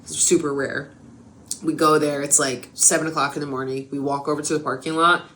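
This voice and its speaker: Female podcast co-host, low voice, lively storyteller who acts out quotes, faint background noise. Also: brisk. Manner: animated storytelling, swears a lot, acts out quotes. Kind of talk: casual chat.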